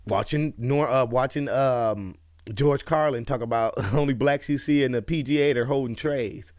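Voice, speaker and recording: A man's voice: mid-range voice, moderate pace, a little mellow. A man casually reacting to comedy clips, rambling and laughing along. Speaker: reaction video host.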